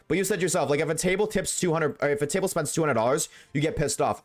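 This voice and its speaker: A man streams a game and rants to his live chat in a casual, blunt way, swearing freely while talking with viewers. His somewhat high voice swings widely in pitch, and he speaks fast with few pauses.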